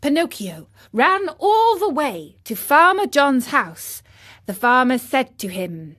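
A woman reading a children's storybook aloud in a gentle, expressive way. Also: sits high, slow. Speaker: narrator.

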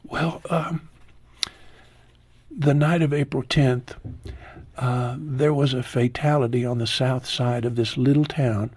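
A man in his sixties speaks as an interview guest, his voice husky and a little breathy. He tells his story slowly and with feeling, sinking low and soft at the hardest parts. The sound is dry and close. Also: dry recording. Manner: slow, heartfelt storytelling, voice dropping low and soft at painful moments. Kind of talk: personal testimony in an interview.

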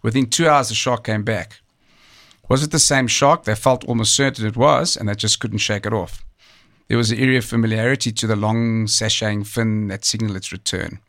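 A man with a fairly low voice narrates a true story documentary-style. He talks in a measured, conversational way, now and then pausing on a filler or restarting a phrase. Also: fairly even intonation, fairly bright tone. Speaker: storyteller recounting a true survival tale. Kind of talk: documentary narration, partly off the cuff.

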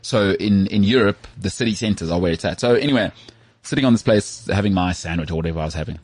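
A man with a husky, lowish voice, chatting on a podcast. He tells his stories with animated emphasis, and the recording sounds dry and close. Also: fast, dry recording. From South Africa. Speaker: podcast co-host. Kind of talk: casual chat.

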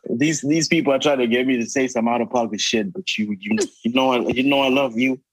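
A man's voice: mid-range voice, breathy edge, no room sound, poor audio. A man chatting as a musician guest on a podcast, playful and laughing often. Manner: laughs often, playful, quick to deny teasing. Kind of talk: casual chat.

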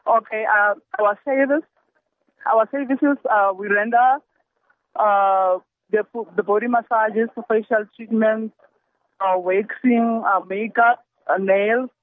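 A woman's voice: on the high side, steady tone, takes it slowly, dry recording. Hesitant woman on a phone line. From South Africa. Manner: hesitant, many fillers. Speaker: caller pitching her business. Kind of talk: live phone-in pitch. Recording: tinny phone line, very dry.

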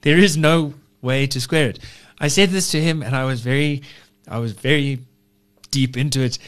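A man's voice: medium pitch, normal speed, smooth. A man co-hosting a casual political podcast, talking discursively and philosophically in long winding sentences. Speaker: podcast co-host.

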